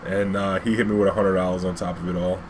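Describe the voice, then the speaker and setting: Low-voiced man telling a cab story. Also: little pitch movement, fast, background noise. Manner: loose and rambling, frequent fillers and swearing. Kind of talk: casual spoken anecdote.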